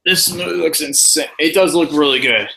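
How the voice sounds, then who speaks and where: A man hosts a casual podcast, reading out listener questions and reacting with excited swearing. His voice is very bright and a little high. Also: fairly quick, gravelly, slight background noise, low-quality recording. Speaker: podcast host. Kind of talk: casual chat.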